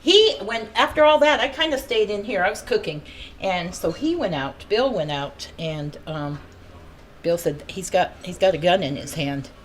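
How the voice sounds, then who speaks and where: An American woman giving an eyewitness account to a reporter outdoors at a street scene, telling her story excitedly and acting out what people said. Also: lowish voice, moderate pace, a little hiss or hum. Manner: excited storytelling, acts out quotes. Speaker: eyewitness neighbor. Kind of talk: on-scene news interview.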